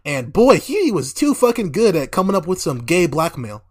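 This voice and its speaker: Animated, foul-mouthed man recapping a show. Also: high-pitched, normal speed, slightly rough. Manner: animated, laughing, heavy swearing. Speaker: podcast co-host. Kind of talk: casual profane recap chat.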